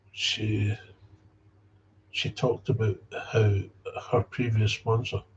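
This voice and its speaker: A man's voice: fairly low pitch, darkish tone, a little hiss or hum. A man with a Scottish accent giving a blunt, heated personal talk about recovery, swearing freely. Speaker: speaker on recovery. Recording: dull lo-fi recording.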